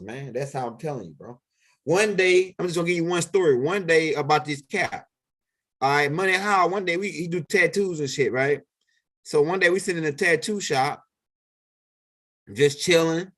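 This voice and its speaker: A man's voice: a little high, fairly bright tone. A man telling a story in a casual monologue, rambling, profane and full of repeats and restarts. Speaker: vlog host telling stories.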